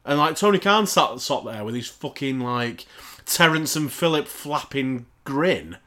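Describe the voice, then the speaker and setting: A man's voice: medium pitch, animated, a little slow, bright, forceful tone. A man, co-hosting a podcast, rants in a casual, sarcastic and heavily profane way. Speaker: podcast co-host.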